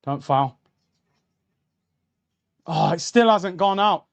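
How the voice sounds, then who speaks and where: A man's voice: high voice, animated, slow pace, vocal fry. Heated young man on a football stream. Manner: heated, indignant, addresses viewers as lads and bro. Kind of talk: live match watchalong commentary. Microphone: streaming mic.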